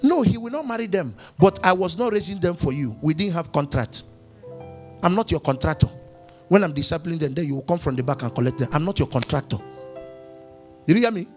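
Male preacher, high register, restless and animated, peppers the room with questions. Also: a little fast, faint music behind. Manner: animated preaching, firing questions, acting out dialogues. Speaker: pastor. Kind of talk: sermon. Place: church.

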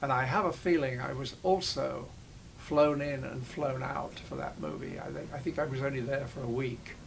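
An elderly actor wanders off on tangents while recalling past shoots, his halting sentences frequently abandoned and begun again. He speaks in a mid-range, fairly even voice with vocal fry, over slight background noise.

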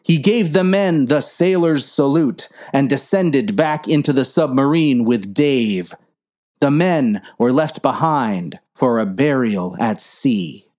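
A woman reading a clumsy war story aloud in a slow, mock-earnest narration. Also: rumbling low, lively intonation, warm tone. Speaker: story reader.

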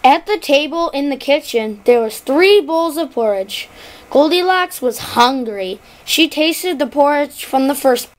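A woman's voice: high-pitched, expressive, unhurried. A young female narrator reading a children's fairy tale aloud in a sing-song way, with a few small slips.

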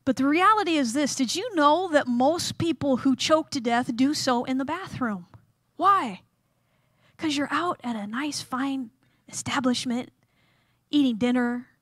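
A woman's voice: high voice, a little slow, fairly bright tone, no echo, studio quality. A woman giving a humorous chapel sermon, telling self-deprecating stories and acting out scenes. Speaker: chapel speaker.

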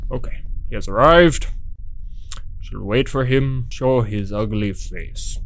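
A man giving theatrical, excitable horror game commentary, swearing a lot and playing along with his in-game character. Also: medium pitch, slow. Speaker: let's play gamer.

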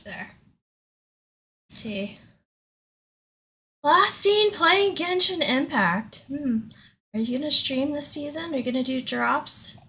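A woman's voice: sits high, expressive, slow, pauses often, sharp tone. A woman streamer chatting casually on a livestream, giggling often and a little out of breath. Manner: giggly, laughs often between words.

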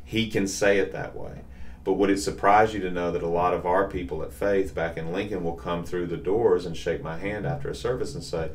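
A Southern man in his forties with a very deep voice tells stories with a relaxed, drawling warmth. He is a pastor chatting on a podcast, animated and easygoing, with a strong low register. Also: fairly quick, a little hiss or hum. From Southern US, Nashville. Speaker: pastor, co-host. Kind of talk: casual chat, storytelling.

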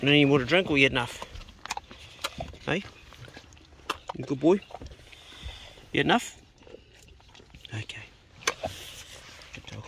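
Easygoing New Zealand man, fairly high voice. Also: measured pace, vocal fry, long pauses, background noise. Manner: easygoing, talks fondly to his dog. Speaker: homesteading vlogger. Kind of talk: casual vlog chat. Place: outdoors on a beach.

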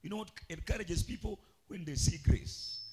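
A man preaching a charismatic church sermon, swinging from loud shouted calls to quiet asides and sing-song chanting, with a husky voice. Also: sits high, normal speed. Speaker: pastor. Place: church sanctuary.

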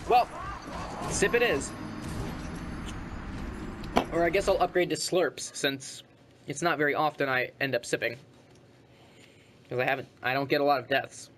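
A man's voice: mid-range voice, steady tone, a little fast, fairly bright tone, slight background noise. A man giving casual commentary while playing a game, grumbling and trash-talking the enemies with sarcasm. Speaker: gamer.

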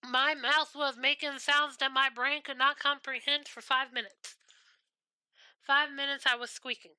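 A woman's voice: sits high, little pitch movement, a little slow, sharp tone. A woman streaming a game, chatting casually and telling rambling, profane stories.

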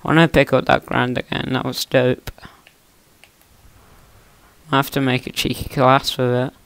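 A man's voice: medium pitch, level tone, normal speed, vocal fry, a bit bright, clean tone, dry recording. A young man talking to himself in a chatty, teasing way while commentating his own gameplay on a close mic. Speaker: gaming YouTuber.

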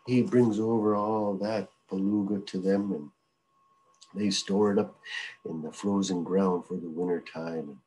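A man's voice: low-pitched, steady tone, unhurried, dark tone, poor audio. A man telling a traditional folk tale in a loose, repetitive, conversational style. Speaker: storyteller. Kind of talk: oral traditional storytelling.

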